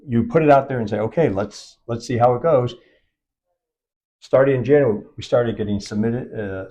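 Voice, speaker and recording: A man's voice: medium pitch, warm tone. A man, a film producer, talking in an on-set interview and acting out quoted dialogue as he tells his story. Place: event set.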